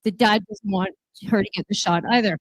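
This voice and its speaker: A woman speaking as a city councillor at a gala, telling an animated personal story with emphatic repetition. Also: mid-range voice, fairly quick, no echo, poor audio. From Canada. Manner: emphatic, repeats key lines.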